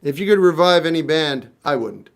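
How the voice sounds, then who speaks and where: Over guitar playing, a singer-songwriter in his 50s chats on a livestream, firing back blunt, wry, offhand answers to comments. He sounds animated and gravelly, with a fairly high pitch at normal speed.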